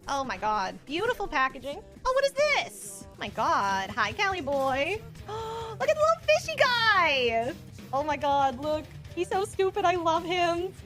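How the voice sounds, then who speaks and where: A woman's voice: high voice, sing-song, measured pace, music in the background. A woman reacting to a gift in a clip, gushing and exclamatory. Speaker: content creator.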